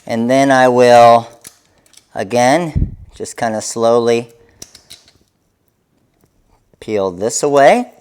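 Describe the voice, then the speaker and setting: Slow-talking upbeat man demonstrating crafts. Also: medium pitch, a little mellow, smooth. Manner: upbeat, talks viewers through each step. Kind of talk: live craft tutorial.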